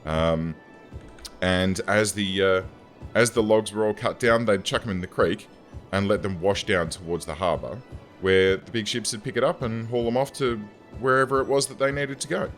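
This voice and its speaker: A man's voice: on the low side, moderate pace, fairly bright tone, soft background music. A young man, an engineer and gaming YouTuber, rambles casually and self-deprecatingly while building a city in a game. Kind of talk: casual gameplay commentary.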